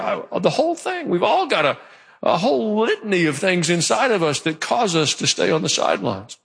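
A male pastor preaching a sermon in a church, telling the story with animated delivery. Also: high voice, normal speed, gravelly. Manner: animated storytelling, acting out quoted voices. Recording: long hall reverb.

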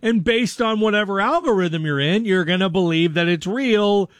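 A male radio host in casual studio banter who chats freely, laughs a lot, and jumps up in pitch when he gets worked up. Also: moderate pace, fairly bright tone, no room sound.

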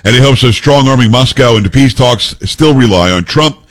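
A man's voice: mid-range voice, fairly quick. A man hosting a talk radio show, reading news reports aloud and giving blunt, opinionated commentary.

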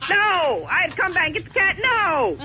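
A woman's voice: extremely high pitch, very animated, a little slow, pushed and bright. A woman on a phone call, indignant and stubborn, repeating herself again and again. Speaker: prank call target. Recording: muffled phone line.

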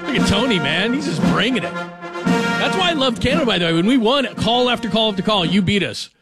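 A man hosting a call-in radio show, excitable and enthusiastic, repeating himself as he reacts. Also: high-pitched, fairly quick. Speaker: radio talk show host. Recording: music playing under the voice. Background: patriotic music.

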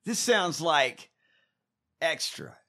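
A man co-hosting a comedy podcast, talking in a loud, profane, ranting way. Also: a little high, sing-song, extremely slow. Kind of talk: casual profane comedic chat.

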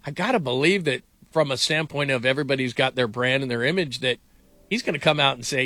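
Middle-aged male sports host, incredulous and rambling, bright tone, close dry mic. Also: a little high, fast, dry recording. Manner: animated, incredulous, rambling with restarts. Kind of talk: casual sports talk.

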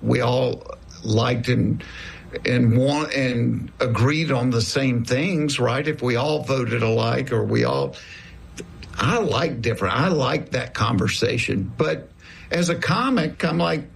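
A man's voice: medium pitch, a little slow, vocal fry, breathy edge. A man in his sixties with a Southern US accent, a comedian telling stories in a folksy, easygoing way during an interview. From American South. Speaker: comedian guest. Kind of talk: conversational interview storytelling.

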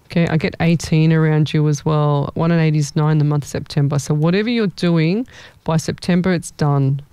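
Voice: mid-range voice, steady tone, moderate pace, warm tone, smooth, no echo. A young adult, hosting a live stream as a psychic medium in a casual, rambling way that thinks aloud.

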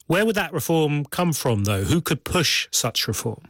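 A man presenting a radio news programme in a measured, formal manner from a studio. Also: a little high, sing-song, a bit bright, dry recording.

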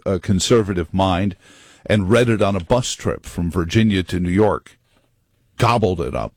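A man hosts a talk radio show from a studio, dropping wry jokes into a long monologue. His voice sits a little low and comes through dry and close on the mic. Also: dry recording. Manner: wry, joking asides.

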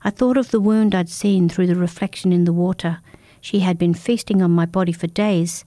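A woman narrating a first-person folk tale in a calm, measured, intimate manner. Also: lowish voice, no echo. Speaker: storyteller.

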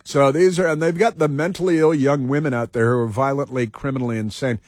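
A man's voice: medium pitch, fairly even intonation, fast, a little mellow, dry recording, clean studio sound. A male talk radio host giving combative commentary, repeating phrases for emphasis.

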